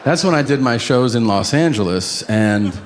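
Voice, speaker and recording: A man doing profane, animated stand-up comedy, acting out quotes as he tells his stories. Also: medium pitch, moderate pace, a little hiss or hum.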